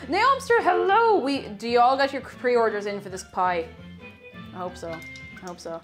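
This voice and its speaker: A woman's voice: medium pitch, lively intonation, normal speed, soft background music. A young woman from Ireland chatting casually on a live stream, reading chat aloud and giggling often as she bakes.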